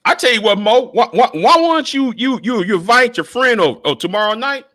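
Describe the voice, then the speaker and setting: A man's voice: very high-pitched, lively intonation, brisk, sharp tone. A man hosting a casual livestream, angry, swearing constantly and stammering over repeated words. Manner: profane, stammering repetitions. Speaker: livestream host.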